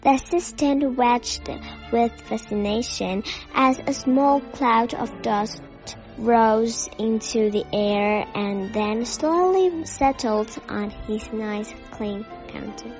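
A woman narrates a children's storybook at a very slow, careful pace. Her voice sits on the higher side. The recording is slightly dull and lo-fi, with faint music behind it. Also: darkish tone. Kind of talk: storybook reading.

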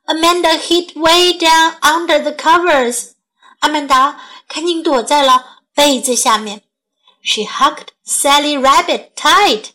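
Slow, gentle woman reading a children's story. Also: sits high, poor audio.

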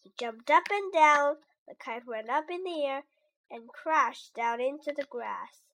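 A woman reads a children's storybook aloud, slowly and with great care. Her voice is high and bright, and every word comes out clear. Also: expressive. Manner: slow, clear and deliberate.

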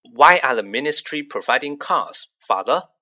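Reader doing a stuffy, self-important teen boy, long-suffering and prim, bright tone. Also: mid-range voice, lively intonation, measured pace. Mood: dignified. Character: pompous dignified teenage boy.

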